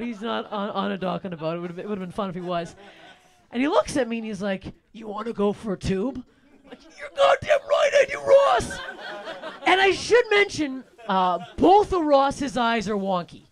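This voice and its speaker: A woman, doing a loud, rowdy stand-up set outdoors and shouting some bits. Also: a little high. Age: 20s. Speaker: stand-up comic. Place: outdoor alleyway stage.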